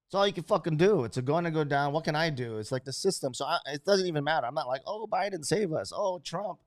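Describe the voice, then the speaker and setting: Swearing animated man in casual chat. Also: fairly high pitch, very fast, no room sound, clean studio sound. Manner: animated, swears a lot, acts out quotes in other voices.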